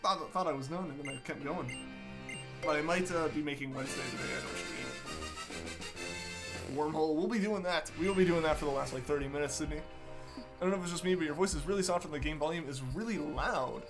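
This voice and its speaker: A man's voice: fairly high pitch, fairly quick. A young man streaming a game live, chatting casually and reading out viewer messages in an easygoing way with lots of fillers. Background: game music playing.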